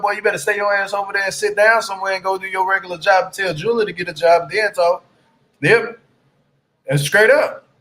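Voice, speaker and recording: A man's voice: sits high, a bit bright. A man giving a blunt, profane rant in casual commentary as he recaps a reality TV episode. He drags out words for emphasis and keeps asking the listener "you hear me?". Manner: drawn-out emphatic phrasing. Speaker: TV reality show recap YouTuber.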